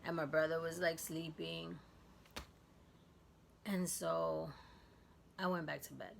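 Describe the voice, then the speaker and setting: Woman, vlogger, deep voice, heavy vocal fry, soft halting storytelling, faint hiss. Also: fairly even intonation. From Guatemala. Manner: soft, halting, with many fillers. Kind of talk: personal storytelling vlog.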